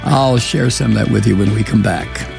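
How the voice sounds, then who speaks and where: A man's voice: fairly low pitch, normal speed, vocal fry, music in the background. A man hosting a political commentary show, delivering a profane, scornful monologue with heavy emphasis.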